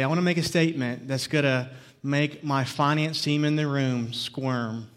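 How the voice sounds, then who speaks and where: A man's voice: mid-range voice, fairly even intonation, normal speed, slight background noise. A man preaching a sermon as pastor, opening with jokes and stories before turning earnest. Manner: jokey storytelling, then earnest preaching.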